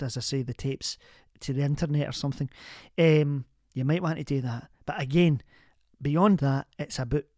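An agony aunt, played by a man in a comic radio phone-in, rambling and homely as she reassures her callers. Her voice sits a touch high and comes across dry and close. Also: no echo, close to an everyday voice. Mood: motherly. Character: chatty middle-aged woman radio agony aunt. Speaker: advice show host.

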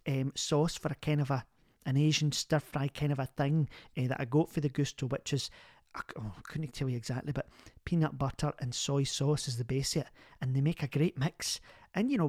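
A man's voice: fairly high pitch, dry recording, studio quality, lightly acted. A man voicing a chatty middle-aged Scottish woman who hosts a comic advice podcast, rambling and homely with frequent laughs.

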